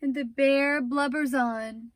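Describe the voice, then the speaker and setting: Lady reading a picture book to kids, high gentle voice, slow, dry close sound. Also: dry recording. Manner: gentle, expressive. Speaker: storyteller. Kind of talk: children's read-aloud.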